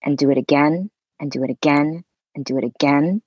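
A woman speaking as a guest on a podcast about voice work, expressive and effusive, swearing casually as she talks. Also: low voice, a little fast, breathy edge. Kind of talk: conversational interview. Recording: dull lo-fi sound.

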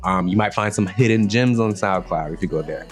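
Man, Southern US accent, lowish voice, giggly and self-deprecating, casual interview guest, faint music under. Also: a little fast. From Southern United States. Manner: giggly, self-deprecating, breaks into laughter often.

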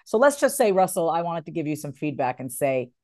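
A woman with a somewhat low voice talks in an interview with lively, expressive delivery. She is a voiceover artist and plays with her tone, demonstrating different ways of phrasing things. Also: a little fast. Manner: animated, acts out example phrasings.

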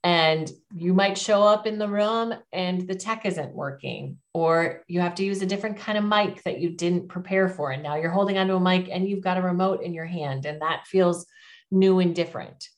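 A woman's voice: lowish voice, normal speed. A middle-aged woman giving public speaking advice as an interview guest, in an encouraging, emphatic coaching tone.

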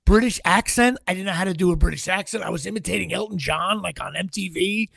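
Middle-aged jersey guy telling stories, high voice with a gravelly edge, keeps tripping over his words. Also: quick pace, dry recording. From Central New Jersey. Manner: animated, stammers and repeats words while telling stories. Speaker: guest actor. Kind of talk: anecdotal interview storytelling.

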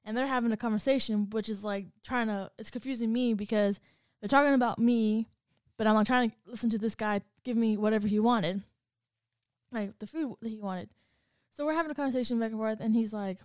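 A woman co-hosting a casual podcast, telling a story in an animated way and acting out the other people's lines. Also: a little high, fairly quick, clear, resonant tone, no echo, clean studio sound. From Hispanic background. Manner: animated, acts out quoted dialogue. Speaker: podcast co-host.

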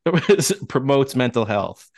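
Man, gravelly voice, dry close sound, playful, giggly banter. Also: mid-range voice, big pitch swings, unhurried, a little mellow, dry recording. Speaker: podcast co-host. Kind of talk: casual chat.

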